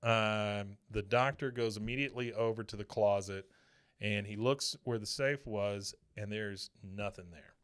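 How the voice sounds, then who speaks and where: A man hosting a podcast, casually retelling a cartoon episode and slipping into quick character voices. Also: lowish voice, a bit bright. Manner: acts out characters' lines in quick impressions. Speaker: podcast host. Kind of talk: casual chat, recapping an episode.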